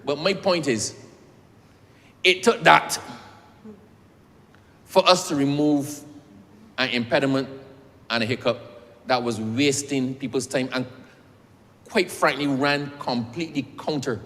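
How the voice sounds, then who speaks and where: A man's voice: medium pitch, measured pace, long pauses, fairly bright tone. A man speaking in parliament, telling a personal story while presenting a bill and repeatedly addressing the chair as sir. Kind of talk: parliamentary speech with personal anecdote. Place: parliament chamber. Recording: reverberant debating chamber.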